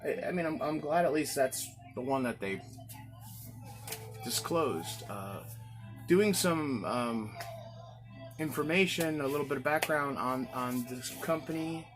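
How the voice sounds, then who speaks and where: A man hosting his own gin review show, talking casually and jokingly, prone to excited outbursts. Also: mid-range voice, measured pace, pauses often, music in the background. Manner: chatty, jokey, excitable, with playful outbursts. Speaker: chef. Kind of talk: casual spoken product review.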